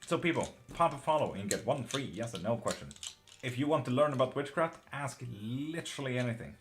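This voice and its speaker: A man doing live tarot readings, chatting breezily with viewers and answering questions quickly, with casual swearing. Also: medium pitch, expressive, a little hiss or hum. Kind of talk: casual live-stream chat.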